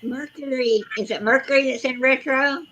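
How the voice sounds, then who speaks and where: A woman's voice: high voice, fairly even intonation, moderate pace, crowd noise. A woman chiming in matter-of-factly during a casual chat on a video call.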